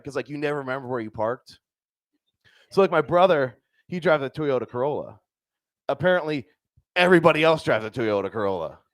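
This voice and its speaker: A man's voice: mid-range voice, no room sound, studio quality. A young man doing a stand-up comedy set on a club stage into a handheld mic, loose and crude, packing his lines with "dude" and "right?".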